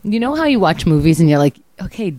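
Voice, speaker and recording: A young woman with a somewhat low voice tells a story on a podcast, animated and chatty. She acts out her own lines as she goes. The sound is dry and close. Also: fast, dry recording. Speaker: podcast host. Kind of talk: casual storytelling chat.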